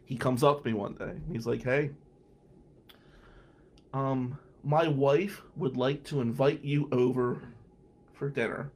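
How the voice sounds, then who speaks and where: A middle-aged man hosting a podcast, telling a story in a casual, animated way, acting out both sides of a conversation and swearing now and then. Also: medium pitch, a little slow, long pauses. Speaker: podcast host, defense attorney.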